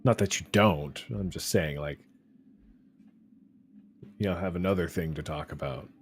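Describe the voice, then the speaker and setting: A man's voice: deep voice, measured pace, slight background noise. A man giving casual, chatty commentary while playing a video game, often hesitant and wry. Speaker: gameplay streamer.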